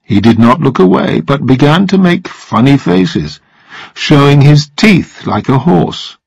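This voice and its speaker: Husky, expressive male storyteller. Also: mid-range voice, dry recording, poor audio. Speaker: story narrator. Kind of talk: storybook reading for language learners.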